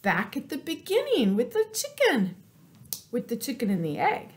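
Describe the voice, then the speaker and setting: A woman librarian reading a children's story aloud, expressive and playful, asking the children questions and dropping to whispers. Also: sits high. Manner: animated, slow and expressive, asks the children questions, drops to whispers.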